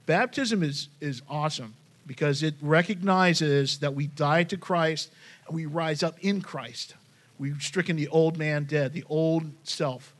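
Guy preaching casually, kinda high voice, chatty and animated, keeps saying man. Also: unhurried. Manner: conversational, animated, says "man" often. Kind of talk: casual sermon with Bible reading.

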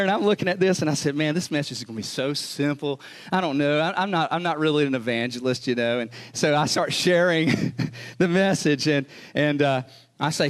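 A man preaching a sermon, telling a story in a chatty, animated way and acting out the people in it. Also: a little high. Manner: animated, chatty, laughs and acts out quotes. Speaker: pastor.

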